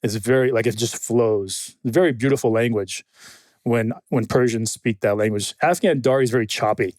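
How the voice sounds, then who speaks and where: Male podcast guest, mid-pitched, animated, foul-mouthed storyteller, dry close mic. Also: normal speed, dry recording. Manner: animated storyteller, swears freely, quotes others. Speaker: guest, military film consultant. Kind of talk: casual podcast conversation.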